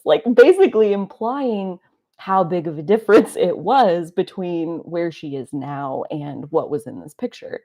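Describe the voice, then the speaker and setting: In her thirties, this woman hosts an astrology live stream, her lowish voice animated and warm as she speaks slowly. She rambles through reflective personal stories in a confessional way, scattering "like" everywhere, picked up on a live stream mic.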